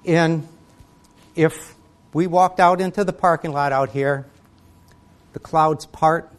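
A man preaching a sermon, reading scripture aloud and putting questions to his listeners. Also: fairly high pitch. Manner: reads scripture aloud in King James wording, then asks the listeners questions.

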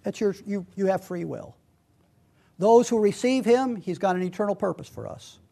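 A middle-aged male pastor with a high-pitched voice delivers a sermon. He reads scripture aloud and leans into his points, swinging between quiet asides and loud emphasis. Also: animated, moderate pace, creaky. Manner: preaching with rising emphasis, reading scripture aloud.

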